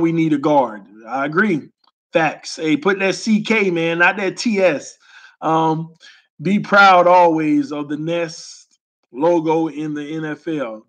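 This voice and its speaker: A young man, hosting a casual sports fan talk and reading comments in an animated, emphatic, slangy way. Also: sits high. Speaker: sports fan channel host.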